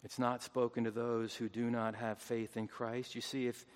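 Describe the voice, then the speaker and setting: A man preaching a sermon as pastor, swinging between hushed, tender lines and loud, fervent calls. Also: medium pitch, fairly even intonation, unhurried. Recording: long hall reverb.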